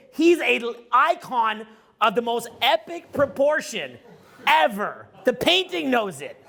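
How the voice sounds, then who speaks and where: Excitable middle-aged man, lively gravelly voice. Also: very high voice. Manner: loud, excitable, profane, rambling. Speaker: social skills coach. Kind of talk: casual live talk to a room.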